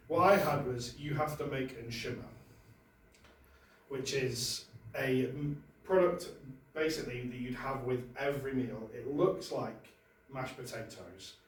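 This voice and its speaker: A man's voice: mid-range voice, unhurried, recorded from a distance, a little hiss or hum. Man doing stand-up, echoey room. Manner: conversational and self-deprecating, frequent stammered restarts. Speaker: stand-up comedian. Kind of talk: stand-up set. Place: comedy venue with audience.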